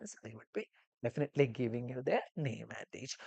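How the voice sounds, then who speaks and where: A woman's voice: rumbling low, expressive, fairly quick, creaky, a little mellow, slightly rough, dry recording. A woman teaching a live online exam-prep lesson, explaining steps in a meandering way with many restarts. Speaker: language teacher.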